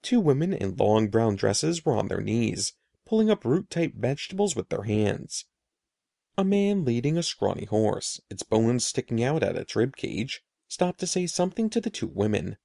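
A man reading a children's story aloud in an expressive, animated way. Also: medium pitch, moderate pace, vocal fry, no room sound, studio quality. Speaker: narrator.

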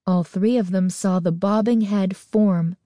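A woman narrating a spooky story in a slow, measured storytelling manner. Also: mid-range voice, steady tone, warm tone, no room sound, studio quality. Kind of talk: scripted horror story narration.

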